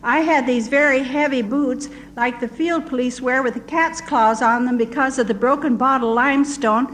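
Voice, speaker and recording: A woman's voice: high voice, normal speed, fairly bright tone, poor audio. An older woman, a missionary, telling her story in an earnest, vivid way. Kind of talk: storytelling testimony.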